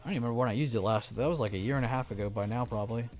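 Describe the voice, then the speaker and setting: Rapid-fire and mid-range, a young man's voice carries a casual stock trading live stream. He reads the chat aloud and talks loosely, often restarting, over faint background music.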